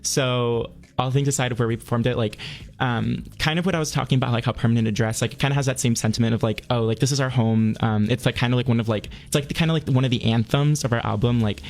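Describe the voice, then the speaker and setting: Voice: medium pitch, fairly even intonation, quick pace, darkish tone. A young adult student in their early twenties, an a cappella arranger chatting in an interview, hesitant and filling speech with "like". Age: around 20. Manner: hesitant, heavy use of 'like'. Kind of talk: casual interview chat.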